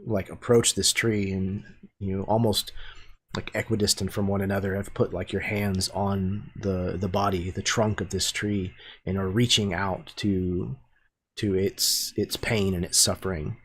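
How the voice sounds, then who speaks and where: A man running a tabletop game as game master, narrating scenes in a descriptive, unhurried way with many fillers. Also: deep voice, little pitch movement, breathy edge.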